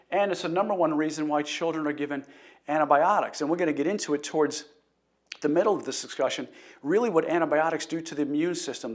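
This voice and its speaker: A middle-aged man hosting a live health talk, telling a patient story in an earnest way and greeting viewers. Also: on the high side. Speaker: chiropractor host.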